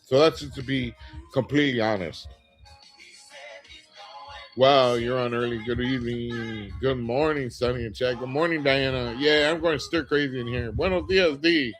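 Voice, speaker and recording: A man's voice: medium pitch, normal speed, rough recording. A middle-aged man hosts a casual livestream in an ordinary mid-range voice, greeting viewers and reading their comments aloud. He talks candidly and rambles, with plenty of fillers and restarts. Faint music plays in the background. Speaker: livestream host.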